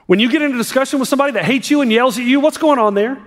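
High-voiced preaching man, hall reverb. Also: rapid-fire, a little hiss or hum. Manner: impassioned, swings between hushed and emphatic. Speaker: pastor. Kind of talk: sermon. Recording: long reverb of a large hall.

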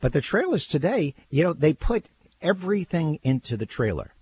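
An older man hosting talk radio, telling stories in casual chat with a husky voice and lots of repeated words. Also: fairly high pitch, moderate pace. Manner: animated storyteller, repeats words, laughs.

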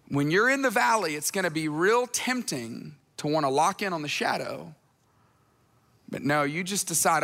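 Male pastor, conversational sermon delivery, high and bright, reverberant large hall. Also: animated, moderate pace, gravelly. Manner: conversational, acts out voices in retellings.

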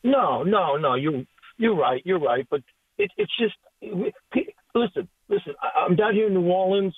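An older man from the Northeast United States phones in to a sports radio show. He rambles and stammers in a friendly way, his voice high and husky. The tinny phone line is dry. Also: sing-song, moderate pace, no room sound. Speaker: caller. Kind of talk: radio call-in.

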